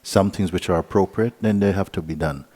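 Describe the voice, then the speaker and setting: A man giving a relaxed spiritual talk at a retreat, gentle and playful, often laughing as he tells a story. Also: deep voice, brisk. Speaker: spiritual teacher. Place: retreat hall.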